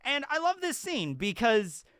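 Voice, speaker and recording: A man's voice: very high voice, huge pitch swings, measured pace, a bit bright, clear, resonant tone, dry recording, studio quality. A man casually and chattily breaking down a show episode, rambling with many fillers. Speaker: YouTube show reviewer.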